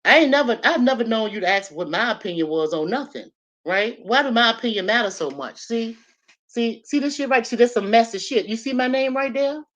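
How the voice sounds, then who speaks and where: A woman's voice: a little high, lively intonation, brisk, fairly bright tone. An older woman talking straight to camera in a casual vlog. She is blunt, swears freely and rambles from point to point. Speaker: YouTube commentator.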